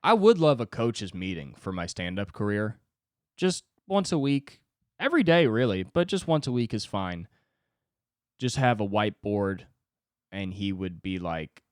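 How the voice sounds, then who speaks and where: A man's voice: on the low side, sing-song, unhurried, clean tone, no echo, clean studio sound. A young man, a stand-up comedian, riffing casually and profanely on his solo podcast.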